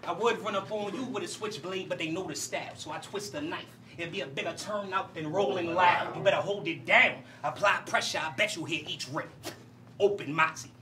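A man from Louisiana delivers boastful, menacing battle-rap verses at a live event, repeating punchlines for effect. He is caught from some way off the microphone. A loud crowd cheers behind him. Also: sits high, a little fast, distant mic. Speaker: battle rapper.

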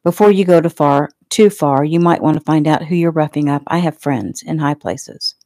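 A woman voicing a tough, wounded male lawman who talks low, clipped and guarded. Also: steady tone, moderate pace, dark tone, no room sound, studio quality, lightly acted. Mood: quietly menacing.

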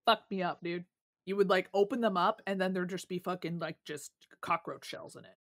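Podcast co-host, young adult, mid pitch, dry close mic, lively and profane storyteller. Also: brisk, dry recording. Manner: animated storyteller, swears a lot. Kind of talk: casual chat, storytelling.

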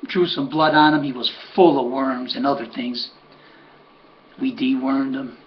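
A man's voice: mid-range voice, steady tone, a little slow. An older man, a horse trainer, telling a rambling personal anecdote in a conversational way, full of restarts and asides. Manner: rambling, conversational, says "buddy", many restarts. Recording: dull lo-fi recording with faint hum.

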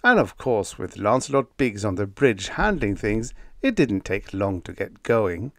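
A man's voice: lowish voice, big pitch swings, unhurried, hardly any pauses, no echo, studio quality. A man narrating a humorous pulp sci-fi story in the first person, in a wisecracking storyteller's manner. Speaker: audiobook narrator.

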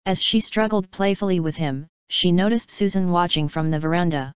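Woman, audiobook narration, measured, low voice, dry, dull sound. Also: clear, resonant tone, no room sound. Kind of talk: scripted narration.

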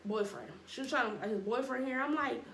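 A young woman telling a casual storytime with lots of slang, animated and acting out what people said. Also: fairly high pitch, fairly quick. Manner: animated, slangy, acts out quotes. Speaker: storytime vlogger. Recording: roomy echo, faint background noise.

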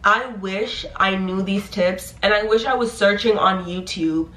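A woman's voice: mid-range voice, measured pace. Chatty young woman in an echoey room. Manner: animated, chatty, playful, encouraging. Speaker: nursing graduate vlogger. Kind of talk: casual advice vlog.

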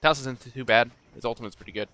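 A man giving live gameplay commentary, coaching his teammates and shouting at big moments. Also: medium pitch, fast. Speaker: gaming video creator.

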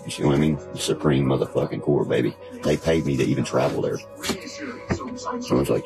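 Brief: a male streamer with a very low voice, profane and rambling, music playing behind him. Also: moderate pace, vocal fry. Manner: profane, rambling, keeps asking "you see what I mean". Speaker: livestreamer. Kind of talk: casual livestream rant. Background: background music.

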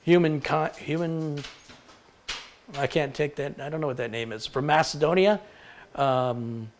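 A man from Michigan hosting a live tech stream, briskly reading out where viewers are tuning in from and stumbling over hard-to-pronounce names. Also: on the high side, slight background noise. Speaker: tech livestream host.

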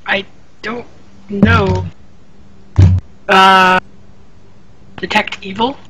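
A man playing a tabletop game, reacting quickly and in an animated way. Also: high-pitched, a little hiss or hum, poor audio. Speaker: player.

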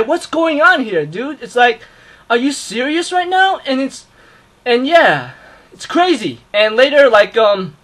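An excitable man rushes through an anime recap, piling on fillers and yelling sound effects. His voice sits high and bright, with a sharp, forceful edge. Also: low-quality recording. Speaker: anime reviewer.

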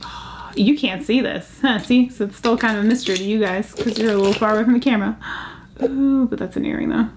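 A woman hosting a casual jewelry vlog, chatty and easily excited, gasping over pieces she finds. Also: mid-range voice, fast talker, noisy background. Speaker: jewelry channel host.

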